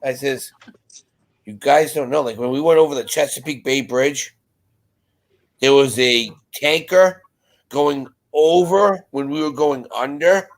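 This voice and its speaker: A man on a video call chatting casually, telling animated stories and acting out what people said. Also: medium pitch, unhurried. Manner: animated storyteller, acts out quotes. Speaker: panel guest. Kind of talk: casual chat.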